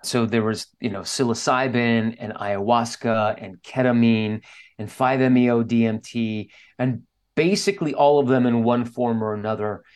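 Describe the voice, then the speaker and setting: A man's voice: medium pitch, fairly even intonation, normal speed, clear, resonant tone. A man speaking as an interview guest, telling a candid personal story in an earnest, openly emotional way. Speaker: guest author.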